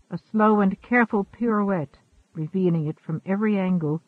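A man reading a science fiction story aloud as an audiobook narrator, in a measured way, lightly voicing the characters. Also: high voice, no room sound. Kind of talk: scripted narration. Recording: tinny phone-like sound.

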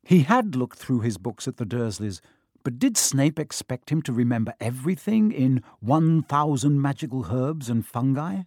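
Male audiobook narrator, mid-pitched, expressive, dry studio sound. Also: moderate pace, dry recording. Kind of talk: storybook narration.

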